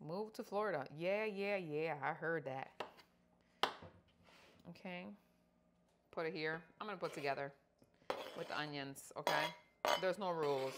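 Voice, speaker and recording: A woman's voice: lowish voice, very noisy. A middle-aged woman chatting playfully to her viewers while she cooks in her home kitchen, with joking asides. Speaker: lifestyle vlogger. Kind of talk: casual cook-along vlog chat. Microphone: wireless clip-on mic.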